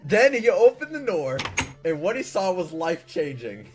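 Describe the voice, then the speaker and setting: A man reads stories aloud in a casual, offhand way, his voice rising and dropping all over the place as he stops to laugh and protest in disbelief. His voice sits a little high for a man. Soft music plays behind him. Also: expressive, normal speed. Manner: laughs often, breaks off into incredulous outbursts. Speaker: YouTuber reading viewer stories. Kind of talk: casual reading aloud with commentary.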